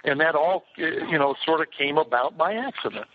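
A man's voice: fairly high pitch, expressive, a little fast, a little hiss or hum. An older man, a film director, telling rambling behind-the-scenes stories with lots of fillers and restarts. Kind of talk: casual anecdotal storytelling. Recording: tinny phone-like line.

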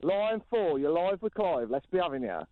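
Brash Black Country radio host, lively pitch. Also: male voice, normal speed, no echo. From Black Country, England. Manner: brash, impatient, dismissive of callers. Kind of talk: comedic radio phone-in hosting. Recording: dry, slightly muffled radio audio.

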